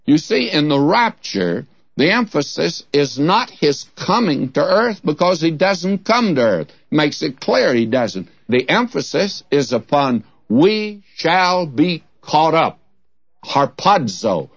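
A man's voice: on the high side, big pitch swings, takes it slowly, creaky. A man preaching a Bible-teaching sermon in a folksy, humorous storytelling manner. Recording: dull, dry lo-fi recording.

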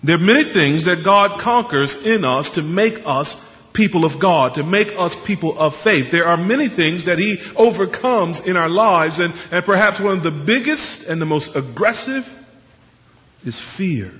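A man's voice: on the high side, animated. Earnest preacher man in a reverberant hall. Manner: earnest, with pauses and rhetorical questions. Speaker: pastor. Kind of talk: sermon. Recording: dull sound in a reverberant hall.

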